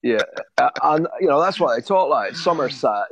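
A man's voice: mid-range voice, expressive, normal speed, gravelly, a bit bright, slightly rough. A man in his fifties from New Zealand, telling long rambling stories in a casual chat, with frequent restarts and swearing. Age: 50s. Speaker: podcast co-host. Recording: dry, muffled podcast audio.

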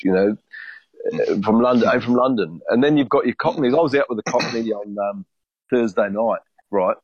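A man's voice: mid-range voice, a little mellow, no room sound. Rambling fifty-something man, muffled dry audio. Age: 50s. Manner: rambling, swears freely, many restarts. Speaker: podcast co-host. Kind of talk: casual storytelling chat.

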